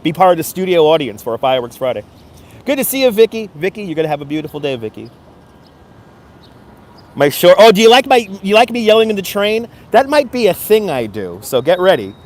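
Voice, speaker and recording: This cheerful man is outdoors on a city street, live-streaming from his phone, calling out viewers by name and firing them up with encouragement. He speaks quickly in a high, sing-song voice with a somewhat dark tone.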